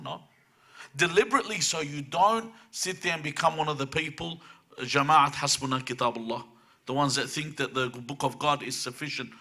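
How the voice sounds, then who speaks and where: A man's voice: a little high, sharp tone, breathy edge. A man giving a religious lecture to a live audience in a room, driving his points home with emphatic rhetorical questions.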